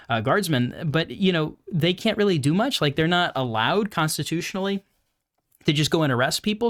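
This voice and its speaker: A young man hosts a political podcast, talking in a casual, sarcastic run of commentary. His voice sits a bit higher than most men's, and he mocks the people he talks about. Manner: sarcastic, mocking, animated with put-on quote voices. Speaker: podcast host.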